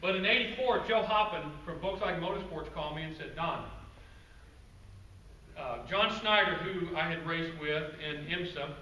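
A man giving a guest-speaker presentation to a club audience, telling stories in a relaxed, conversational way with asides to the crowd. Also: fairly high pitch, normal speed, lo-fi sound. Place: meeting room with an audience. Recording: roomy, distant, faint background noise.

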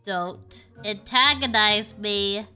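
A woman's voice: medium pitch, slow, sharp tone, soft background music. A woman voicing a mischievous female animatronic who has turned into a cat, giggly and teasing, meowing often, in a fan game role-play. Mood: playful. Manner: giggly, teasing, meows a lot.

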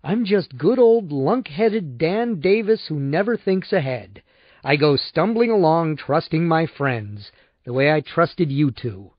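A man's voice: on the high side, animated, measured pace, no room sound. A man narrating an audiobook in the first person with a wry, sardonic tone, on a dull lo-fi recording.

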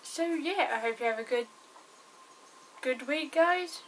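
A woman's voice: high voice, lively intonation, measured pace. Chatty young British woman vlogging. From Britain. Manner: chatty, swears casually, rambling. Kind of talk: casual vlog chat. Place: home indoors. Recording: recorded from a distance, faint background noise. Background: dogs outside.

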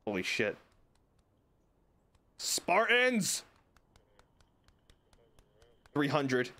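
Excitable young man streaming a game. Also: fairly high pitch, a little slow, soft background music. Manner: excitable, jokey, talks to chat. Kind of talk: casual gameplay commentary.

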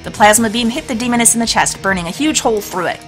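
A woman's voice: fairly high pitch, expressive, fast, fairly bright tone, soft background music. A woman hosting a let's play, reading a storybook game aloud with chatty, laughing asides. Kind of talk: let's play narration and commentary.

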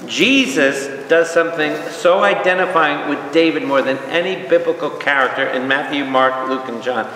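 A man teaching a lively Bible study to an audience, often asking them questions and acting out quotes. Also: fairly high pitch, moderate pace, hardly any pauses, a crowd in the background. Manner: animated, asks the audience questions, acts out quotes. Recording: echoey hall from far off.

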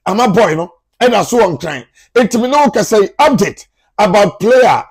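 High-voiced Ghanaian man with sports transfer news. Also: breathy edge. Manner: chatty and animated, addresses viewers as family. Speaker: sports journalist, YouTube channel host.

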